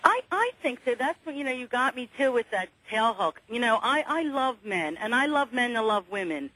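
This is a woman calling in to a radio show from Philadelphia, speaking with a Philadelphia accent. She chats quickly and breaks off to restart her sentences. Her voice is bright and forward. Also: on the high side, big pitch swings, husky, rough recording. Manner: chatty, quick, halting restarts. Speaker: caller. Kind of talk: call-in radio chat.

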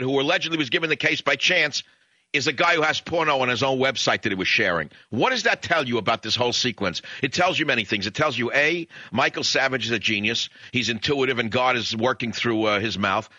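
A man's voice: mid-range voice, expressive, quick pace, sharp tone, no echo, dull audio. A man hosting a talk radio show, delivering a combative monologue in bombastic bursts. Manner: bombastic, rising to emphatic peaks.

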